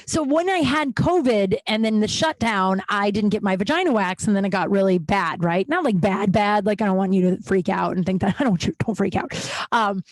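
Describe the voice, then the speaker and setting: A woman podcast host in her thirties talks at a middle pitch, full of restarts and asides. She sounds wired and jittery from too much coffee, and the recording is dry and close to the mic. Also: expressive, brisk, dry recording. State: jittery, over-caffeinated. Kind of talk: casual storytelling monologue.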